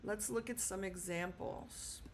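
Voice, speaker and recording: A woman teaches at an easy, slow pace, patiently repeating each word so learners can follow. Her pitch sits in a middle range. A faint background hum sits under her voice in a small room. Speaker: Spanish teacher. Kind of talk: casual video lesson.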